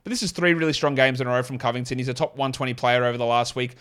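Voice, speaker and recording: Aussie guy hosting a fantasy hoops podcast, rambly, restarts a lot, mid pitch. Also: steady tone, fairly bright tone, smooth. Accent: Australian. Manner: quick, rambling analysis with restarts. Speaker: podcast host. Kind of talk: fantasy basketball podcast talk.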